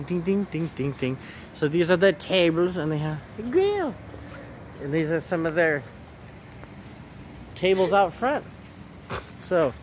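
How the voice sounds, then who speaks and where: Playful man vlogging outside by traffic. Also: a little high. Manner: playful, joking, chatty. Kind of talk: casual vlog narration. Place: outdoors at a small street food stand by traffic. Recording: outdoor traffic noise.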